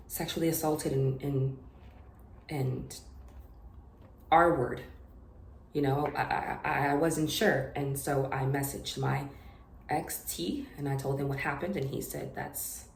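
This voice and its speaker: A young woman telling a personal story to camera in an unedited confessional vlog, halting and hesitant, with many fillers and restarts. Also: deep voice, gravelly. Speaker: vlogger. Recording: echoey room with faint noise.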